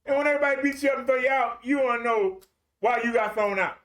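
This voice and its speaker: A man's voice: extremely high pitch, quick pace, a bit bright. A man preaching a streamed sermon in a colloquial, repetitive storytelling way.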